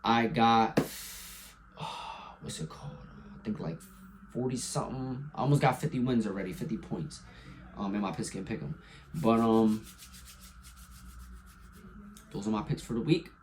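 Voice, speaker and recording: A young man giving his weekly football picks in a casual, profane monologue, jumping between loud hype and quiet mumbling. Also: moderate pace, slight background noise. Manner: hyped and profane, swinging from loud excitement to low mumbles. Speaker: sports picks vlogger. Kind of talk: casual sports prediction monologue.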